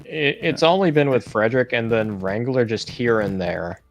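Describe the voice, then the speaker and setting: A man's voice: mid-range voice, moderate pace, lo-fi sound. A man in casual group chat, chiming in with wry quips.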